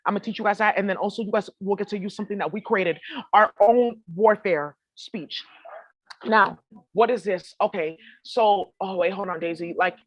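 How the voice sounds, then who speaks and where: A woman vlogger rambles straight to her viewers in a loose, casual monologue. Her talk is full of swearing and slang. Her voice sits at a middling pitch, and the recording is close and dry with no room echo. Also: normal speed. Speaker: spiritual vlogger.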